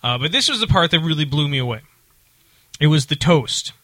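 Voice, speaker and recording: A man's voice: on the high side, animated, fairly quick, bright, forceful tone, no echo. A man telling a long story in casual chat, with lots of fillers and restarts. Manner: rambling, many fillers and restarts.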